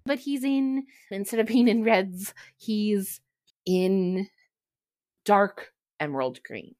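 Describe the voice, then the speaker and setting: A woman narrating as game master in a tabletop role-play, unhurried and halting, with giggly asides. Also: mid-range voice, darkish tone, no room sound, studio quality.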